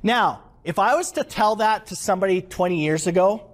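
Guy running a leadership workshop, high-ish voice, lively, keeps quizzing the crowd. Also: normal speed. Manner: animated, asks the audience questions. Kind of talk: interactive workshop talk. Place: room with a live audience.

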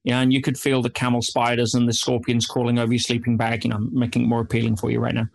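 A man's voice: mid-range voice, completely flat delivery, quick pace, creaky. A man speaking as an interview guest, telling stories animatedly and dropping in frequent "yeah"s and "you know"s. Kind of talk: interview storytelling.

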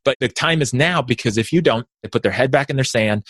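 A man who is a sales consultant guest on a podcast interview, energetic and explaining with quick asides. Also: mid-range voice, no room sound.

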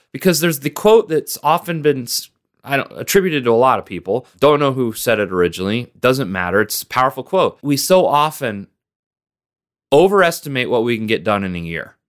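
A man hosting a motivational podcast, speaking earnestly and directly to the listener as a business coach, with steady repeated emphasis. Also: medium pitch. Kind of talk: motivational solo podcast talk.

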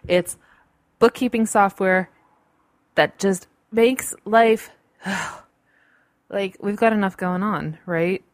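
A woman's voice: medium pitch, slow, pauses often, no room sound, clean studio sound. A woman hosting her own podcast in a bubbly, chatty way, with playful asides, recorded at home on a computer. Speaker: podcast host. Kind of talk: casual solo podcast talk. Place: home in a large city. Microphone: computer-recorded podcast mic.

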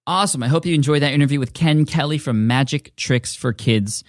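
A man's voice: on the high side, a little fast, no room sound, clean studio sound. A man hosting a podcast, talking with enthusiasm and many restarts and fillers. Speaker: podcast host. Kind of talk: casual podcast talk.

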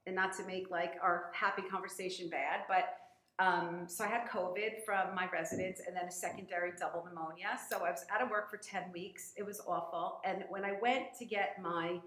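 A woman with a lowish, slightly bright voice appears as a guest in a casual chat, sharing her story as a gym member. She rambles emotionally, with many fillers and laughs, and the recording has a roomy echo.

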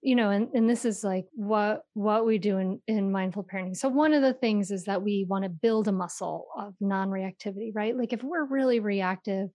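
A woman who teaches mindful parenting, talking in a quick, expressive way and laughing often as she explains. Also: mid-range voice, dry recording. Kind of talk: animated conversational explaining.

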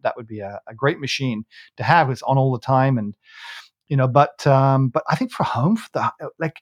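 A man's voice: mid-range voice, no echo. A man hosting a coffee podcast, telling a long anecdote in a loose, rambling way with frequent restarts. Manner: rambling, many restarts, laughs while telling. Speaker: podcast host. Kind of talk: casual chat, storytelling.

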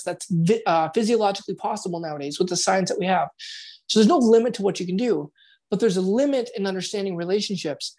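A man coaching on relationships in a loose, casual monologue at home, swearing freely and acting out quoted inner voices, sometimes speaking more quietly. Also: high-pitched.

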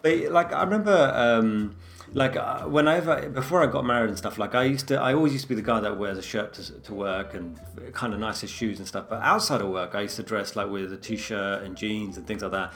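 A man, telling a story in a lively, casual chat. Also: fairly low pitch, fairly quick. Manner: animated storyteller.

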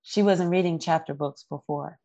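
A woman's voice: low voice, normal speed, mellow, no echo. A woman guest on an interview, earnestly telling a heartfelt story about her child. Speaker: guest parent.

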